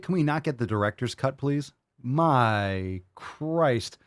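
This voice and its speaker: A man's voice: mid-range voice, lively intonation, slow pace. A man hosting a podcast, reacting to clips with profane, sarcastic mockery. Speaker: podcast host. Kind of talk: casual reaction commentary.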